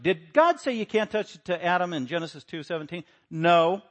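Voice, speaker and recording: A man preaching a sermon, emphatic, building to loud rhetorical questions. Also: high voice, fast talker, hardly any pauses. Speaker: pastor.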